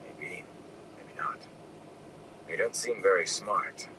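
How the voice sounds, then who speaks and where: A man voicing a wounded older farmer, low and weary. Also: slow pace. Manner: low, weary, hushed speech. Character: older male farmer, wounded, calm and gruff. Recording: distant mic with air conditioning noise.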